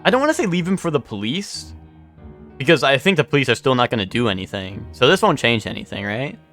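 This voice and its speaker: A man's voice: medium pitch, very animated, fast talker, a bit bright, faint music behind. A man streaming a video game, rambling in casual commentary, swearing often and repeating himself.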